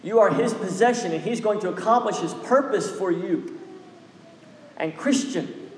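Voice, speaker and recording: Guy preaching a sermon, fairly high voice, lots of hall echo, keeps repeating himself to drive it home. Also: moderate pace, slight background noise. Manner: exhorting, repetitive preaching cadence. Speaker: pastor.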